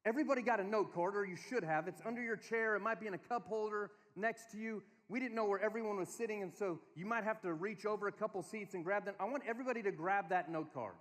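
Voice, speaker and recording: Man preaching, high voice, animated storytelling, long hall echo. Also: quick pace, hardly any pauses. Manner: storytelling, animated, quotes his kids in a small voice. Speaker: speaker. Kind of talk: sermon to a conference crowd. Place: large hall.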